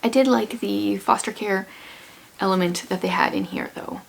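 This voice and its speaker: Hoarse, gravelly woman chatting about books. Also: mid-range voice, normal speed. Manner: chatty, rambling, offhand. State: losing her voice, hoarse. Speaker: book vlogger. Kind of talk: casual book chat.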